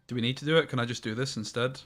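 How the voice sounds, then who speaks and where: A man's voice: mid-range voice, steady tone, racing, faint music behind. A man streaming a card game live, thinking aloud about each play and swearing casually as he goes.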